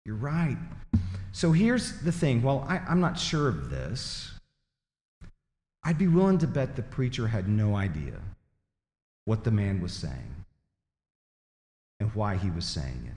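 A man's voice: lowish voice, very animated, a little slow, long pauses, darkish tone. A male pastor delivering a sermon to his church, speaking conversationally with dry, self-deprecating humor. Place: church sanctuary. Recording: echoey church hall.

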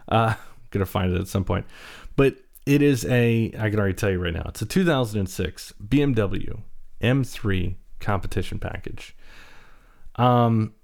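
Rambling low-voiced man hosting a podcast. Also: a little mellow. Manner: rambling, self-deprecating, many fillers and restarts. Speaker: podcast host. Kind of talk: casual solo podcast talk.

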